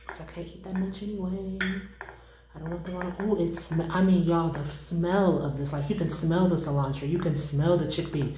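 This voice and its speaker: A young woman chatting casually to viewers while cooking and tasting food in her home kitchen, excitable and informal. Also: on the low side, moderate pace, reverberant, slight background noise, low-quality recording.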